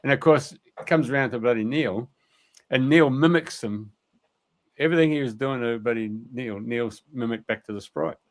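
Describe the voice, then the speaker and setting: A man's voice: medium pitch, moderate pace. A middle-aged man, a radio guest, telling a story in a colloquial, rambling way, with many fillers and mild swearing.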